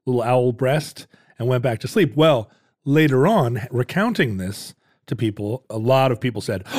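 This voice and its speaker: A man's voice: medium pitch, unhurried, a little mellow. A man co-hosting a casual comedic chat, a rambling storyteller who laughs often. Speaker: podcast co-host.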